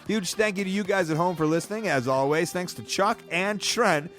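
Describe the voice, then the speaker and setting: A man's voice: high voice, moderate pace, a bit bright, soft background music. A man hosting a podcast, upbeat and a little worn out from travel, rattling off dates and plugs in casual talk. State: tired from travel. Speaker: podcast host. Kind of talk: podcast outro and casual chat.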